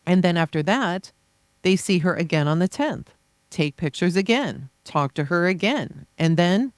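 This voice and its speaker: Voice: medium pitch, no room sound, clean studio sound. Insistent reader of a courtroom closing argument. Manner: forceful, insistent legal rhetoric with repeated phrases. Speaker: podcast reader of trial transcripts.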